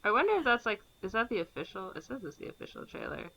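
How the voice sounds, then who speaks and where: A woman's voice: mid-range voice, sing-song, fast, gravelly, a bit bright, lo-fi sound. A woman co-hosting a podcast, chatting casually and guessing at a plot with hesitant fillers. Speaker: podcast co-host. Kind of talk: casual chat.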